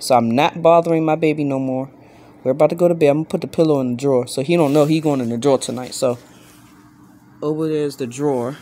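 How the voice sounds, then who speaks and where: A woman, vlogging casually from her bed at night in rambling, self-interrupting chatter, switching to a high baby voice when she talks to her pet. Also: warm tone, a little hiss or hum. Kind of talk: casual late-night vlog.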